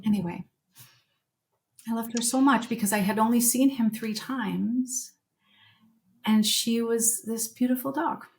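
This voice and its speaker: A woman's voice: fairly high pitch, measured pace, vocal fry, long pauses. A middle-aged woman veterinarian, a guest on a podcast, telling candid stories and getting emotional as she talks. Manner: candid, emotional storyteller, voice dropping softly when moved. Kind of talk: conversational podcast interview.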